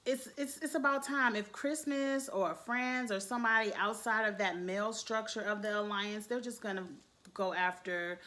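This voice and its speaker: A woman giving blunt, animated commentary on a reality show, swearing and speaking straight to her viewers. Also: mid-range voice. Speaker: youtube reality show reviewer. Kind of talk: casual commentary.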